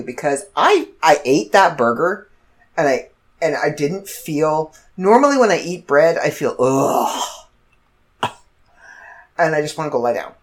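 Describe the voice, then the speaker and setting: A woman with a low voice hosts a podcast, recounting a funny personal story in a casual monologue. She's animated and laughs often.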